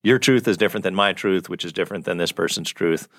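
A man hosting a casual faith discussion, speaking in a measured way and asking questions. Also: low-pitched, fairly bright tone, dry recording, studio quality. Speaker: podcast host.

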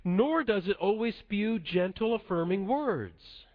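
Male preacher, slightly high voice, measured and earnest, dull lo-fi recording. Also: expressive. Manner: measured, earnest delivery dropping soft at the close. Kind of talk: sermon. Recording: dull lo-fi sound.

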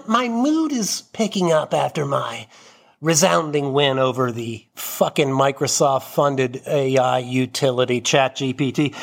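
A man with a notably high-pitched voice hosts his own comedy podcast alone. He talks in a swaggering, mock-indignant way, swearing freely and puffing himself up as he rants. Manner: mock-indignant, profane, boastful. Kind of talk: solo comedy podcast rant.

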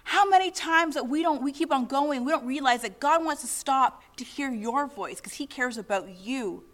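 A woman's voice: high voice, moderate pace, fairly bright tone. A middle-aged woman preaching a sermon in an earnest way, asking the congregation many questions.

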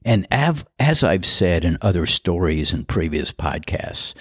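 A man's voice: sits low, very animated, a little slow, breathy edge, no room sound, studio quality. A man hosting a podcast, telling a casual story in a wry, self-deprecating, conversational way. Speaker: podcast host and golf starter.

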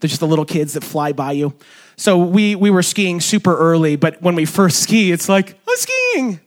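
A young man preaching to his church in a loose, conversational style, his fairly high voice stumbling through small restarts and fillers. Every so often he leaps way up in pitch to act out someone's excited words. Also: moderate pace. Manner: acts out quoted voices in sudden high pitch. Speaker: pastor. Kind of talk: sermon. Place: church sanctuary.

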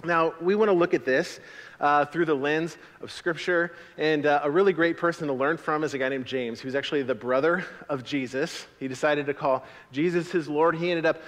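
A man preaching a sermon as a pastor, in a conversational, animated way with frequent repetitions. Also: fairly high pitch, moderate pace, long reverb tail.

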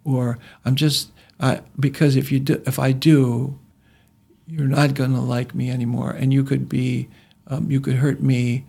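A man's voice: mid-range voice, little pitch movement, a little slow, creaky, warm tone, husky. A man hosting a casual discussion podcast, rambling with many restarts and telling anecdotes and jokes. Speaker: podcast host.

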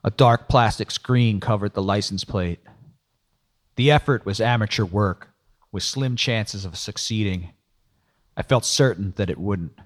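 A man's voice: fairly low pitch, measured pace. A man narrating a first-person audiobook in a dry, sardonic storytelling manner.

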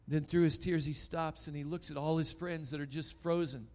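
A man preaching a sermon, telling a story dramatically and swinging between loud and hushed. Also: on the high side, steady tone, moderate pace, hardly any pauses.

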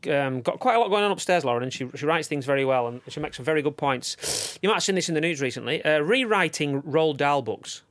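A man's voice: on the high side, animated, quick pace, hardly any pauses, fairly bright tone. A man, co-hosting a podcast in casual chat, rambling and laughing often. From England. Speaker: podcast co-host. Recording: noisy room with a train passing outside.

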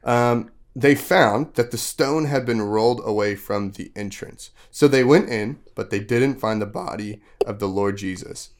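A male podcast host with a lowish voice speaks unhurriedly and rarely pauses as he casually retells a Bible story to children. His loose storytelling is packed with fillers, and he often stops to quiz the kids.

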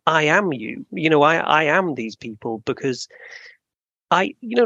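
A male podcast host talking in a reflective, halting way, often restarting his sentences. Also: on the high side, lively intonation, gravelly, sharp tone, no room sound, dull audio. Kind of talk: casual conversation.

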